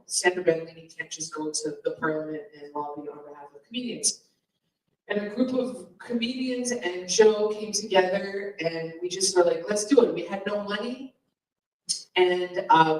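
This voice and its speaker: A woman who founded a comedians' association, giving a rambling, chatty speech at a union meeting with asides and little laughs. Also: medium pitch. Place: meeting hall in a comedy club. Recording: roomy and from far off.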